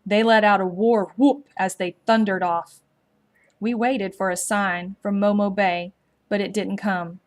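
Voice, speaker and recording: A woman reads a storybook aloud at a slow, measured pace. Her delivery is gently expressive, with her voice pitched in the ordinary middle range for a woman. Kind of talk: storybook read-aloud narration.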